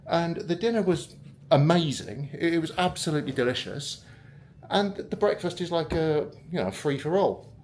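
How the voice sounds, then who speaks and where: A man's voice: on the high side, animated, normal speed, a little mellow, roomy sound, a little hiss or hum. A British man giving a casual, rambling, self-mocking vlog tour of a hotel room, filmed on a handheld camera. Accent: British English. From United Kingdom. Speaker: vlogger.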